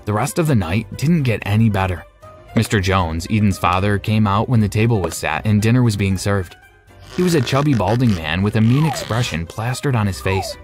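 A man with a low voice narrates a first-person animated story in a steady, conversational tone. Soft background music runs under his voice. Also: a little fast.

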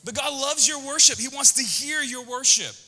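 A male pastor giving an energetic, conversational sermon, talking directly to the congregation with quick asides. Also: very high-pitched, in a large hall.

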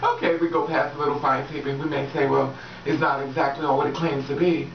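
A woman's voice: extremely low pitch, flat delivery, fairly quick. A woman talking casually and frankly to her viewers, swearing freely and often laughing. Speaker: vlogger giving relationship advice. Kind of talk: casual straight-talking vlog. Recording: echoey room, distant dull mic, faint background noise.

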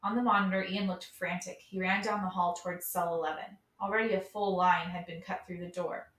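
A woman reading a novel aloud in a steady storybook manner. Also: on the low side, brisk. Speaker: read-aloud reader. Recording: roomy, from a distance.

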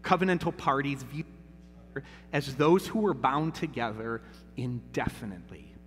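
A man's voice: medium pitch, moderate pace, long reverb tail, soft background music. A man in his thirties preaching a sermon in a church, talking casually and asking "right?" often. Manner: conversational, repeats "right?" often. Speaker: pastor. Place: church sanctuary.

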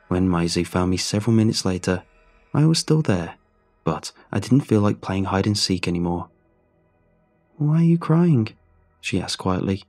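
A man narrating a horror story in a measured, somber way. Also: on the low side, a little mellow, breathy edge. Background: faint music.

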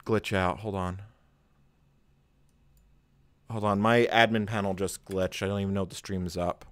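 A man's voice: mid-range voice, fairly bright tone, clear, resonant tone. A man hosting a live tech stream, rambling through commentary with many fillers and self-deprecating chuckles.

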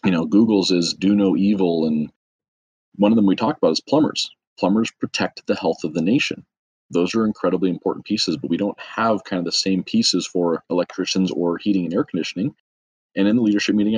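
A middle-aged man with a low, husky voice tells stories as a podcast guest, easy and self-mocking, tossing in quick asides. The sound is dry and close with no room echo. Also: darkish tone. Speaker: guest, trades business owner. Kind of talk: casual storytelling.

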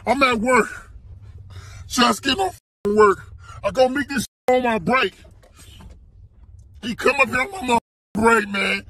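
Upset guy crying and yelling, real high husky voice, bright edge. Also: slow pace, long pauses, low-quality recording. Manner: distraught, shouting, cursing. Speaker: scam victim in a viral clip. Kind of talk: emotional self-filmed rant.

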